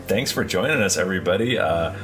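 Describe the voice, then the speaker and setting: A man hosting a casual gaming podcast as dungeon master. His pitch swings freely up and down, and he keeps stopping on fillers. Faint music sits under his voice. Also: expressive. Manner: halting, filler-heavy.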